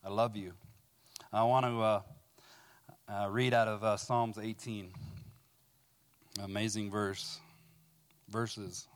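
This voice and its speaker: A man sharing a personal recovery testimony, speaking haltingly with fillers and repeated words, then reading scripture aloud with rising fervor. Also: lowish voice, little pitch movement.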